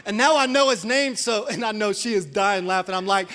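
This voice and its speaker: High, bright-voiced storytelling pastor. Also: male voice, brisk, few pauses. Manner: animated, acts out quotes with shouts and laughter. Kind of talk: storytelling sermon. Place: church sanctuary. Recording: long church hall reverb.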